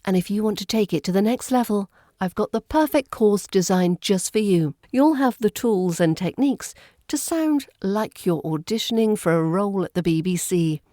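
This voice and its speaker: Mellow-voiced British RP woman coach. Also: mid-range voice, moderate pace, no echo, studio quality. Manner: upbeat, playful teaching tone. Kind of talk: scripted podcast lesson.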